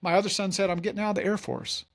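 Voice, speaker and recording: A man's voice: high voice, expressive, racing, gravelly. A man, a mortgage company founder, telling his story in a casual interview and acting out the dialogue.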